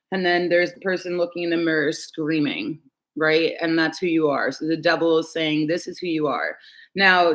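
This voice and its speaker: A woman with a slightly low voice gives a relaxed tarot reading straight to her viewers. She talks in a chatty, candid way, laughs easily and drops the odd swear word. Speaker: tarot reader. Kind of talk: casual tarot reading to camera.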